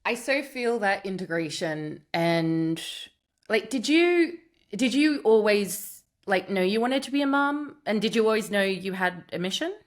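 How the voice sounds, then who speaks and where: A woman's voice: medium pitch, expressive, measured pace. A woman in her forties hosting an interview, empathetic and affirming as she asks questions and shares her own experience. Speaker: podcast host. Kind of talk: warm conversational interview.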